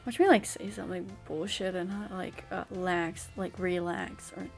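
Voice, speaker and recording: A woman's voice: on the low side, steady tone, moderate pace, soft background music. A woman streamer joking playfully through a let's play with goofy wordplay.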